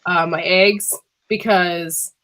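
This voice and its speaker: Bright-voiced sick woman host chatting. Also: on the low side, fairly even intonation, takes it slowly. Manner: chatty, laughing, says freaking a lot. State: sick, coughing. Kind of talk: casual live-stream chat.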